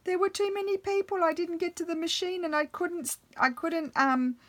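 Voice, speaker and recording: A woman's voice: steady tone, moderate pace. A woman doing a tearful teenage girl. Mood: tearful whine. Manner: high, wailing complaint.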